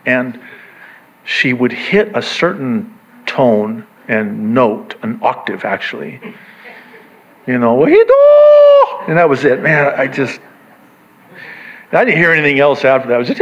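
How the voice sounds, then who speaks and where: A man preaching a sermon in an animated way, acting out the voices he quotes. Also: medium pitch, measured pace, pauses often, lo-fi sound, slight background noise. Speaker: pastor.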